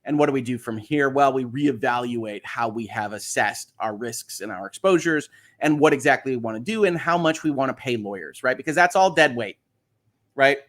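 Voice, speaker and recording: A man's voice: medium pitch, animated, normal speed, fairly bright tone. A man hosting a casual livestream, chatting about legal news, reading viewer questions and explaining cases. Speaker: host.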